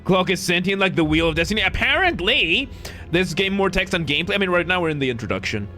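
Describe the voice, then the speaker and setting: A man streams a game, joking casually with chat in a rambling way and correcting himself as he goes. His voice sits high and sounds bright and forceful, very animated, at a quick pace. Faint music plays behind this casual live-stream commentary.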